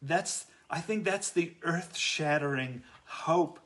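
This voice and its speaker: Man, fairly high voice, earnest and reflective faith talk, halting with frequent restarts. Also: a bit bright. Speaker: Christian speaker.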